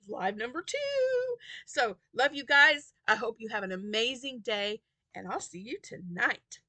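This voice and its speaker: A woman vlogger chatting casually about her crochet projects, tired from a short night's sleep and quick to giggle. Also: mid-range voice, sharp tone, no room sound. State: tired and yawning. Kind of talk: casual chat to camera.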